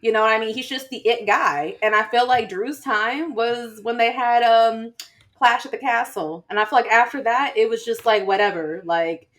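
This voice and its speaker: A woman's voice: a little high, normal speed. A woman co-hosting a podcast, chatting casually with lots of fillers and laughter. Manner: animated, laughs a lot, filler-heavy. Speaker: podcast co-host. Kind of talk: casual chat.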